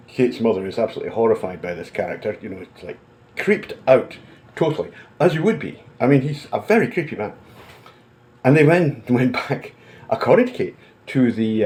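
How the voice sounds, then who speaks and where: A man's voice: lowish voice, darkish tone, rough recording. A man talking casually to camera, blunt and combative, swearing freely and speaking from indoors at home. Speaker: commentator.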